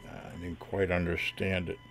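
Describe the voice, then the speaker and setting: A man's voice: low voice, completely flat delivery, moderate pace, a bit bright, a little hiss or hum. A man baiting scam callers on the phone, teasing them with silly fake names and mocking replies. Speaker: scam baiter. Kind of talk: prank phone call.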